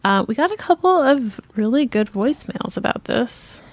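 A woman with a gravelly, fry-tinged voice co-hosts a podcast. She chats casually and in a relaxed way. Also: on the high side, normal speed. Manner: relaxed, laughs easily. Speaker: podcast co-host.

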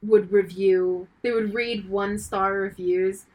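A woman co-hosting a casual chat, playful with quick reactions. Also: medium pitch, steady tone, a little mellow, low-quality recording. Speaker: podcast co-host.

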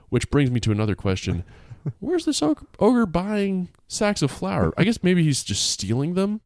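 A man's voice: high-pitched, wildly swooping pitch, moderate pace, hardly any pauses, darkish tone, no echo, clean studio sound. A man reading a folktale aloud, breaking off for irreverent, swearing comic asides. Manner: wry, irreverent, swears and laughs at the text. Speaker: storyteller.

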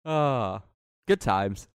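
A man's voice: mid-range voice, clear, resonant tone, dry recording, studio quality. A man in his thirties chatting casually about a video game, rambling with many fillers. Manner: rambling, lots of fillers and laughs. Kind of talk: casual chat.

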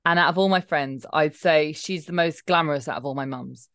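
A woman from London co-hosting a podcast, chatting casually and telling animated anecdotes, jumping into voices for the people she quotes. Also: low voice, brisk, smooth, dry recording, studio quality. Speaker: podcast co-host. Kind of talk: casual chat, storytelling.

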